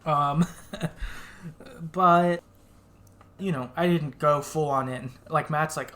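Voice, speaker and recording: A man's voice: a little high, extremely slow, pauses often, a bit bright. A man co-hosting a podcast, chatting casually and laughing often as he recaps a game and acts out its quoted lines. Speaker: podcast co-host.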